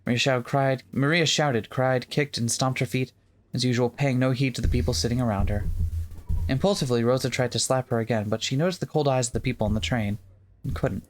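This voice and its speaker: A let's-play co-host reading a visual novel's narration aloud, playful and quick to joke between passages. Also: medium pitch, steady tone. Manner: playful, breaks into laughter and jokes.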